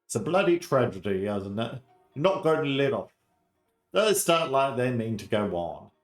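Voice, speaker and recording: A man's voice: medium pitch, sing-song, normal speed, reverberant, faint music behind, pitched above the performer's own voice, close to an everyday voice. A man voicing a weary, blunt middle-aged male sergeant with a grim outlook.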